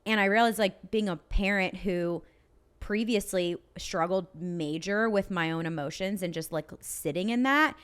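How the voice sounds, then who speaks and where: A woman's voice: mid-range voice, moderate pace, clean tone. A young woman co-hosting a casual podcast chat, talking openly and emotionally with many "like" fillers. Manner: chatty, frequent "like" fillers, emotional. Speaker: podcast co-host.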